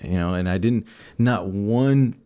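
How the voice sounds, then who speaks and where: A man with a slightly low voice co-hosts a relaxed talk show. He tells a personal story straight to the viewers and acts out every scene as he goes. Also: unhurried, clear, resonant tone. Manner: animated, acts out scenes and quotes. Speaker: co-host.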